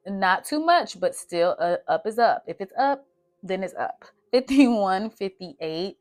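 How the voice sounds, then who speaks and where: A woman's voice: mid-range voice, expressive, slow, darkish tone. A young woman, chatting casually through her budget and talking to herself as she adds up numbers. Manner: chatty, talks to herself while doing math. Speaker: budgeting vlogger.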